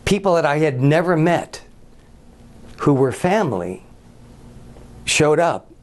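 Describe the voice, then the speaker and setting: A chatty man, guesting on a talk show and telling stories in a slightly higher voice than most men. He laughs a lot and trips over his own words as he goes. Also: sing-song, slow. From Brooklyn, New York. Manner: chatty, laughs often, restarts and stumbles. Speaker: guest entertainer. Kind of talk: casual talk show chat, telling a joke.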